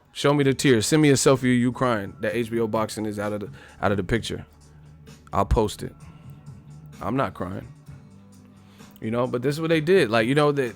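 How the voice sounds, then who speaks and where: A man giving a blunt, repetitive boxing rant on a live stream, full of profanity and emphatic asides. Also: medium pitch. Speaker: boxing commentator.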